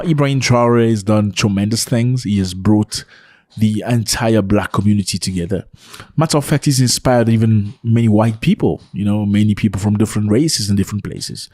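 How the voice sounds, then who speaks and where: A man from Africa, hosting a casual opinion vlog outdoors and firing rhetorical questions at his viewers in an excitable way. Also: lowish voice, dry recording, clean studio sound. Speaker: vlogger host. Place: outdoors in cold weather.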